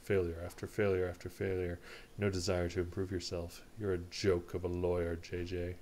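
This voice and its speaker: A man's voice: deep voice, little pitch movement, normal speed, warm tone, slight background noise, pitched below the performer's own voice, natural voice. A man voicing a scornful male rival in a game, speaking with harsh contempt.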